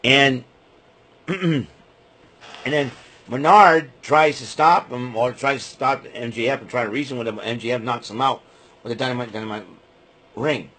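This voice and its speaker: Husky man ranting through a recap. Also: medium pitch, moderate pace, pauses often, fairly bright tone. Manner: rambling, name-calling rants. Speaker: wrestling show recapper. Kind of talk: casual recap monologue.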